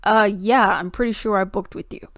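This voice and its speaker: A confused grown man protests at a rental counter, insisting he has a booking, as a woman puts him on. The voice stays mid-pitch, and the recording is close with no room sound. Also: fairly even intonation, moderate pace, no echo, lightly acted. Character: puzzled adult man renting a car.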